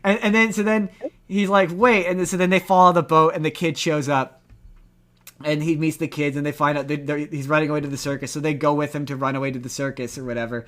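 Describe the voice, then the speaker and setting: A man co-hosting a podcast in casual chat, retelling a film scene by scene and acting out its lines. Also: fairly high pitch. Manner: animated, acts out movie lines in quick retellings. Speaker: podcast co-host.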